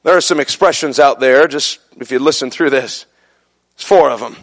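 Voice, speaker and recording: A man preaching a fervent sermon, building to shouted peaks. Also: medium pitch, normal speed. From son of a Brooklyn man.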